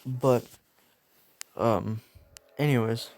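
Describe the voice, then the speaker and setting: A man's voice: medium pitch, fairly even intonation, drawn-out words, a little mellow. A young man casually telling a fan-made story, rambling and slangy, laughing at his own jokes.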